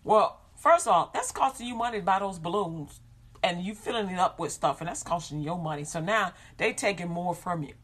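A woman giving an informal sermon, animated, acting out quoted voices and laughing often. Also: on the low side, fairly quick, breathy edge.

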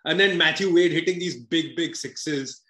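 Bright-voiced man in an echoey room. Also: a little high, normal speed. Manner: joking, laughs often, swears in banter. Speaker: podcast co-host. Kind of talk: casual cricket chat.

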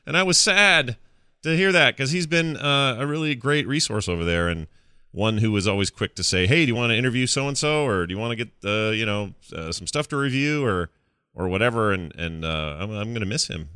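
A man's voice: on the low side, expressive, fairly quick, pushed and bright, clear, resonant tone, dry recording, studio quality. A man hosting a casual gaming podcast, easygoing and joking, with plenty of fillers. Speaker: podcast host.

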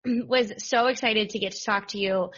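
A woman's voice: mid-range voice, fairly even intonation, moderate pace, a bit bright. Chatty upbeat woman podcast host. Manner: upbeat, chatty, self-joking. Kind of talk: casual podcast chat. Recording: slightly dull lo-fi sound.

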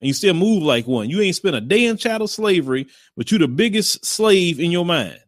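A man's voice: high voice, sing-song, a little fast, no room sound. Blunt rambling man, dry close sound. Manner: blunt, rambling, with repeated phrases and mocking put-on voices. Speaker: commentary show host. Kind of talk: casual commentary to viewers.

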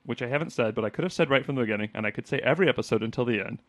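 A man co-hosting a casual chat podcast, chatty and quick to laugh, acting out lines as he talks. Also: mid-range voice, dry recording. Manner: chatty, laughs often, acts out quotes. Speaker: podcast co-host.

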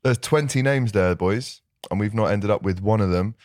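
Scouse guy hosting a footy podcast, lowish voice, dry close mic, chatty. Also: moderate pace, a little mellow, no echo. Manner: chatty, laughs often, reads out lists. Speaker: podcast host. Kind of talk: casual football podcast chat.

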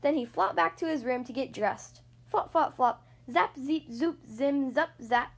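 Woman reading a kids book out loud, high voice, sing-songy and slow. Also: gravelly. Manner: expressive, sing-song narration. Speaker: podcast host reading aloud. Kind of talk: children's storybook read-aloud.

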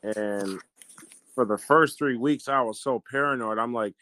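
An earnest man tells a personal story, and his sentences often stall and start again. The recording is dry and close, with no room sound around his mid-pitched voice. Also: pushed and bright, no echo. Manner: earnest storytelling with halting restarts. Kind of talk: casual conversation, personal story.

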